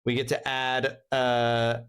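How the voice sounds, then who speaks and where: A man's voice: medium pitch, monotone, takes it slowly, a bit bright, clean tone. A man hosting a livestream panel, laughing often and restarting his sentences in casual chat. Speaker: stream host.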